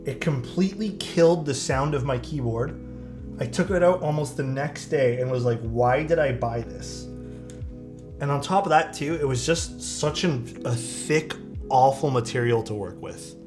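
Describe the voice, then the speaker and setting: A young man speaking at medium pitch and normal speed works on a keyboard during a live stream, answering chat. He's chatty and loose, leaning on lots of fillers, while faint music plays.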